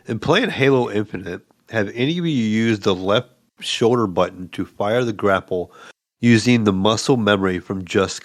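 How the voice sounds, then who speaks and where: A man's voice: fairly low pitch, dry recording, clean studio sound. A man co-hosting a gaming podcast in a laid-back way, reading out listener questions. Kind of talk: casual gaming podcast chat.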